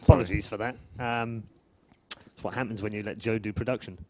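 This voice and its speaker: A man's voice: fairly low pitch, steady tone, gravelly, over loud music. Wry male esports play-by-play caster. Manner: wry, bantering, quick play-by-play. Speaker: esports commentator.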